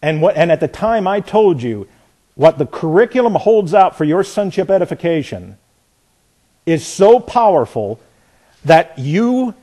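A man preaching a sermon, questioning the congregation and reading scripture aloud, building from soft to emphatic. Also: fairly high pitch, big pitch swings, unhurried. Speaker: pastor.

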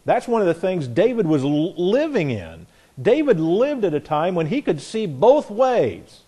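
A man's voice: high voice, big pitch swings, a little slow, mellow, breathy edge. Earnest man teaching a Bible class. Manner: conversational, earnest, with frequent restarts.

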